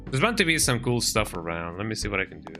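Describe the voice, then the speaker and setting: Bright-voiced man musing over a game. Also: lowish voice, sing-song, fast. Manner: indecisive, musing aloud to himself. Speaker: streamer. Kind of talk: casual game commentary. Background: faint game music.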